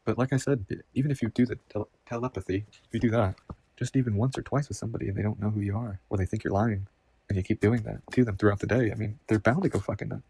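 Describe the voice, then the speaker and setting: A man's voice: on the low side, fairly even intonation, quick pace, mellow, husky, dry recording. A man talking to camera in a rambling, agitated personal monologue, swearing constantly and repeating himself. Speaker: vlogger.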